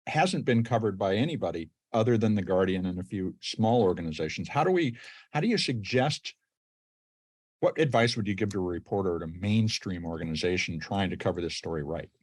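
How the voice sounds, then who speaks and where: A man's voice: low voice, animated, fairly quick, slightly rough, no echo. A man hosting a podcast interview, setting up questions with emphatic, engaged remarks. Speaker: podcast host.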